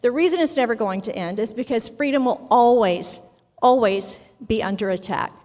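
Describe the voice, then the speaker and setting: A woman speaking from a ballroom stage, her fairly high voice ringing with a long hall reverb. She talks in an earnest, encouraging way, full of faith. Her speech builds to rallying lines and then settles to a warm thank-you. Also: normal speed. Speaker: sponsor representative speaking at a summit. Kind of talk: motivational speech.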